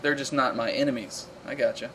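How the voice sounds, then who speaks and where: An excitable man commentates his game on a live stream, yelping at fights and answering chat between them. His voice sits at an ordinary middle pitch. A faint hiss of noise runs under the home desk mic. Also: fairly quick, rough recording. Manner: excitable, reacting loudly to combat and reading chat aloud. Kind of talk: casual gameplay commentary.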